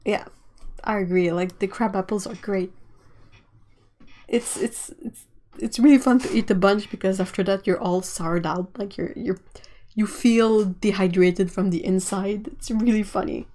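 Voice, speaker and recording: A woman's voice: medium pitch, steady tone, unhurried, dark tone. A woman from Canada, chatting casually and rambling while she draws on a livestream, laughing often. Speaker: artist livestreamer. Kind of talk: casual chat while drawing on stream.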